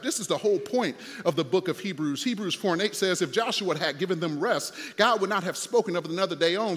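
Man, pastor preaching, high voice, playful and rising to shouts, echoing church hall. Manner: animated preaching, builds to shouts, playful asides. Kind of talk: sermon.

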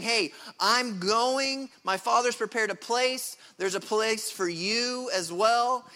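A man with a high voice preaches a sermon. He talks casually, with slang, and drives his points home by repeating himself. His tone is bright. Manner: emphatic, repeats words when building a point. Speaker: pastor.

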